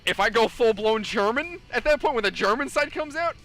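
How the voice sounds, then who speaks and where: A man's voice: very high-pitched, lively intonation, a little fast, a bit bright, faint music behind. A man with a New York accent chatting casually during a game stream, telling rambling stories and swearing freely. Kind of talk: casual gaming chat.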